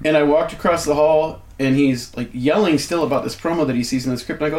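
Man, casual storytelling, foul-mouthed, animated, slightly high-pitched. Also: fast talker. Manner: profane, animated, acts out quoted shouting. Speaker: wrestling show booker.

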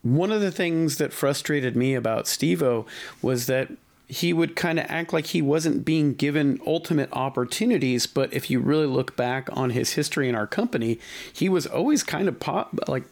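A man's voice: a little high, moderate pace, vocal fry. Rambling man hosting a chat podcast. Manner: rambling, many restarts and fillers. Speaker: podcast host. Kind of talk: casual chat.

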